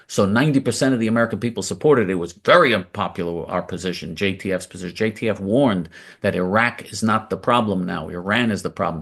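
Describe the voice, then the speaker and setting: A man hosting a political commentary monologue, blunt and combative, repeating phrases for emphasis. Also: lowish voice. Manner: emphatic and repetitive, doubling phrases for stress. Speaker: host of a political commentary show.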